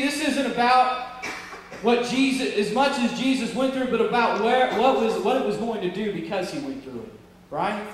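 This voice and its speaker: A man preaching a sermon to his church, emphatic and full of rhetorical questions, swinging between loud peaks and hushed stretches. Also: very high-pitched. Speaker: pastor. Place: church sanctuary. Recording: echoey hall from far off, faint noise.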